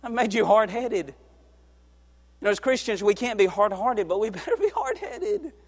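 A man from the United States preaching a sermon, swinging between loud emphatic peaks and low hushed stretches. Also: lively intonation, normal speed. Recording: long hall reverb.

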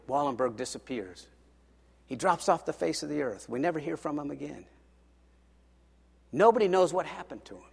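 Pastor preaching in a reverberant hall. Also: male voice, a little high. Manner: dramatic, swings between loud and hushed. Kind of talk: sermon storytelling. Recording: long reverb of a large hall.

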